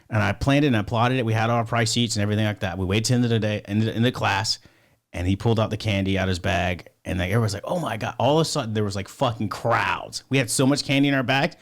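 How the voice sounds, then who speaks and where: A man with a fairly low voice tells a story as a podcast guest. He rambles, restarts sentences and swears freely, keeping it loose and casual. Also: fast talker. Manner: rambling, profane, many fillers and restarts.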